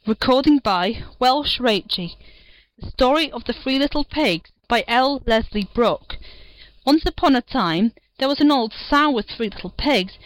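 A woman reading a fairy tale aloud for a volunteer audiobook, clear and measured. Her voice sits fairly high, and the recording is dry and close to the mic. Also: no echo, low-quality recording. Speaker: audiobook reader. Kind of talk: storybook reading.

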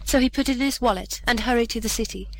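Brief: a woman storyteller, measured, slightly high, reading a classic fairy tale. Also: a little hiss or hum, poor audio. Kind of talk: fairy tale read aloud.

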